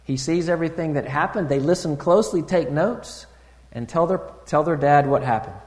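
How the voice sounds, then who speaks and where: A man preaching a sermon in a relaxed, conversational way, full of fillers and restarts, rising loud and high to stress a point and dropping quiet for asides. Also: moderate pace, long reverb tail. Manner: rises loud and high for emphasis, drops soft for asides. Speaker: pastor.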